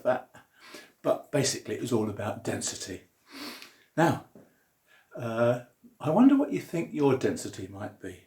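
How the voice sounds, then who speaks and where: A man's voice: medium pitch, animated, moderate pace, darkish tone. A man giving a jokey science lesson full of puns and drawing diagrams as he explains. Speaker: science teacher. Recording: roomy echo.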